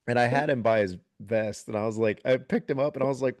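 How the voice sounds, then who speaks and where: A man, a military veteran, telling a story on a podcast in a casual, animated way and laughing as he goes. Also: medium pitch, fast, no room sound, clean studio sound.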